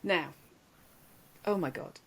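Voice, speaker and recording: Woman, lower voice, animated storyteller, podcast chat. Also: slow pace, gravelly, slightly rough. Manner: animated storyteller, laughs often, many restarts. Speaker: podcast guest. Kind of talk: casual anecdotal chat.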